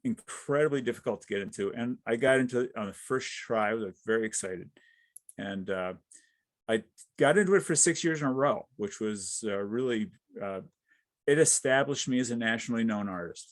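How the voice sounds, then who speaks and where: A middle-aged man, a wildlife artist, giving an informal talk about his career with many halting fillers. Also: fairly low pitch, dry recording.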